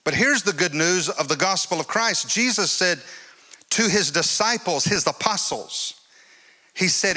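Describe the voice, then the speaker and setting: A man's voice: high-pitched, lively intonation, measured pace, bright, forceful tone. A male preacher giving an emphatic sermon and repeating his phrases. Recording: long hall reverb.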